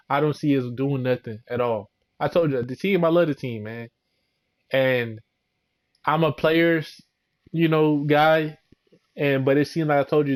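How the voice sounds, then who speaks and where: A young man ranting heatedly as a fan vlogger, slangy and repetitive. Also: mid-range voice. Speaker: sports vlogger. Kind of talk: casual fan rant.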